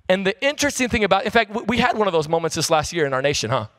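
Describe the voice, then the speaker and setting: A man in his thirties preaches in a relaxed, conversational way, slipping into slang as he tells stories from the pulpit. His voice sits a little high for a man, and his delivery stays animated and casual. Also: rapid-fire, hardly any pauses. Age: 30s. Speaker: pastor. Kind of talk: sermon.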